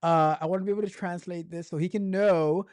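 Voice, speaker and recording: A man's voice: sits high, fairly even intonation, a little fast, darkish tone, smooth. Joking man hosting a tech livestream. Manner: joking, reads news aloud with stumbles and repeats. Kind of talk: casual livestream commentary.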